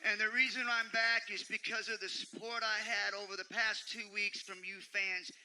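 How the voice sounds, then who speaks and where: Wrestler in the ring, high bright voice, slow deliberate trash talk building to shouts, arena mic. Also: male voice, flat delivery, a faint crowd, rough recording. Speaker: wrestler cutting a promo.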